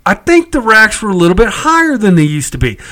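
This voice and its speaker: A middle-aged man tells a story in a casual chat. His voice sits high and rings bright. He sounds exasperated and swears freely. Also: huge pitch swings, fast, low-quality recording. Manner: chatty, exasperated, salty language.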